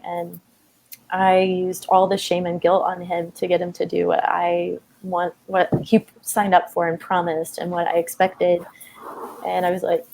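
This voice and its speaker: A woman's voice: lowish voice, darkish tone. A woman in her thirties telling a personal story in a conversation, open and emotional, with many fillers. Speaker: guest.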